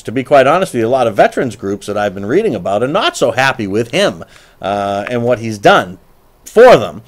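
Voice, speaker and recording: A middle-aged man hosting a live political call-in show speaks bluntly, saying exactly what he thinks. He gets animated, stumbles into restarts and repeats himself for emphasis, all at an ordinary male pitch.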